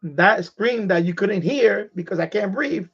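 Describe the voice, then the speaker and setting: A man hosting a live stream, telling a frightening personal story in casual, animated and profane talk. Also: high voice, unhurried, breathy edge. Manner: animated and profane, retelling a scary event. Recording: dull lo-fi stream audio.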